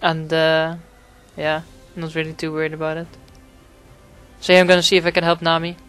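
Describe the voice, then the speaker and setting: A man narrating his own gameplay in a loose, rambling way, swearing freely and padding his sentences with fillers. His voice is smooth and clean, but his pitch stays fairly level, with little rise and fall. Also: monotone, a little fast, fairly bright tone, faint music behind. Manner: rambling, profane, frequent fillers. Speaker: gaming commentator. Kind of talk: casual gameplay commentary.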